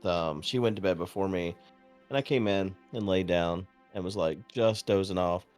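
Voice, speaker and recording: A low-voiced man chats on his stream and tells a long story in a dry, deadpan way with plenty of swearing. He acts out the voices of the people in it. Soft music plays faintly behind him. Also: moderate pace. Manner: profane, deadpan. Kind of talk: casual chat.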